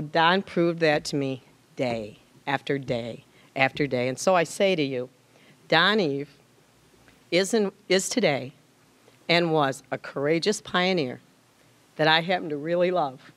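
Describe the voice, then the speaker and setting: Woman choking up during a tribute speech, halting, repeats herself. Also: sits low. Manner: halting, repeats words, voice rising with emotion. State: tearful. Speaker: tribute speaker.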